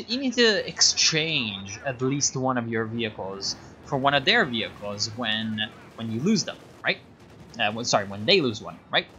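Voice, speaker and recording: A man's voice: mid-range voice, pushed and bright. A man casting a strategy game replay in a sarcastic, rambling way, full of fillers and asides. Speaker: game caster. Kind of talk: casual game commentary.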